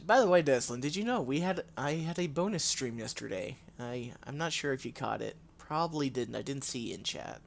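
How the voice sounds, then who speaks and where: A man's voice: mid-range voice, lively intonation, a little fast, gravelly, hardly any pauses, a little hiss or hum. A man live-streaming a game from home on a desk microphone, rambling in a casual, self-deprecating way with frequent restarts and sighs.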